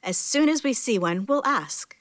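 A woman performs a gentle, fond, kindly father in a high voice pitched above her own, with lively intonation at a moderate pace. The recording is clean studio sound with no room tone.

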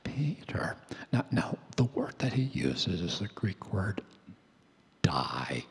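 A man preaching a sermon in a hoarse, breathy near-whisper, slow and emphatic, stretching out key words. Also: lowish voice, big pitch swings. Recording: long hall reverb.

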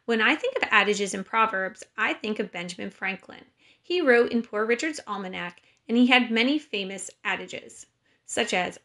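A woman teacher giving a recorded lesson to schoolchildren and reading a story aloud in a clear, patient way. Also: fairly high pitch, expressive, normal speed, fairly bright tone.

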